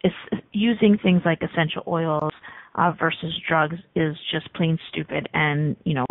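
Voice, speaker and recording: Gravelly-voiced woman hosting talk radio. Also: lowish voice, dry recording, narrow, tinny audio. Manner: talks fast with many ums. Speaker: radio show host. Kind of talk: casual talk radio monologue.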